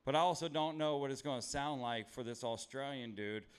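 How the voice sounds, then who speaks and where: Stand-up comic, man, 30s, from LA: crisp, resonant voice at a middle pitch, loose and profane, self-mocking crowd work. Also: a little fast. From Los Angeles, USA. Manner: rambling, profane, self-deprecating. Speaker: stand-up comedian. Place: comedy club stage with live audience.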